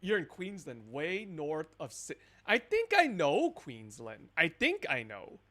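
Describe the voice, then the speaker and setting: A man's voice: fairly high pitch, big pitch swings, measured pace, sharp tone. A man streaming a scambait call, chatting in rambling asides and laughing between remarks. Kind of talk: live-stream commentary.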